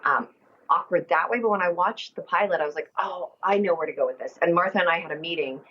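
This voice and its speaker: A woman, a guest actress, chatting in a casual interview and telling lively stories about her work, acting out what others said along the way. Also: fairly low pitch, fast talker, breathy edge. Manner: animated storyteller who acts out what others said. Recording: dull lo-fi sound with steady background noise.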